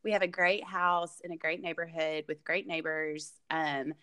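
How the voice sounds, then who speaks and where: A woman's voice: low-pitched, steady tone, moderate pace, smooth. Woman co-host, laughs a lot, chatty and reflective. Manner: warm reactive listener, laughs often, reflective. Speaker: podcast co-host. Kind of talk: casual chat.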